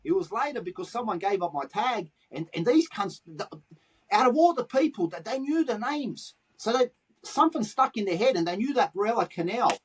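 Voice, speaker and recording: A middle-aged man with a Sydney accent tells animated street anecdotes, swearing freely. His voice sits high for a man and has a husky edge. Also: fairly quick. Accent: Australian, Sydney. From Australia. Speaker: guest, graffiti artist. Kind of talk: casual storytelling interview.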